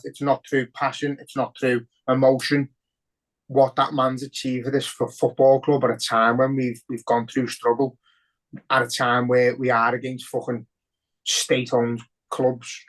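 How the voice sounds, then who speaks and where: A young man with a Scouse accent talks in a loose, sweary rant on a podcast. His voice sits at an ordinary middle pitch, and he sounds worked up as he rushes into his points. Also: little pitch movement, fairly bright tone. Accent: Liverpool. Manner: heavy swearing, emotional and ranting. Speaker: podcast co-host. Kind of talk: casual podcast chat.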